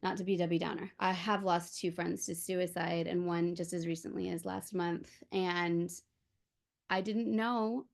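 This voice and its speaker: A woman's voice: on the low side, steady tone, measured pace, creaky. A mother in a prayer circle on a video call from her daughter's room, sharing heartfelt and emotional, chatty and open.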